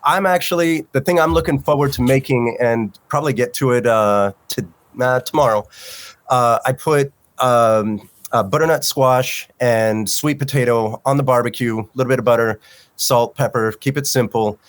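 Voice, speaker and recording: A man in a middle pitch chats as a podcast guest. He talks thoughtfully, often searching for the next word, and grows enthusiastic about food. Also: normal speed. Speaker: culinary teacher and podcast guest. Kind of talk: casual podcast chat.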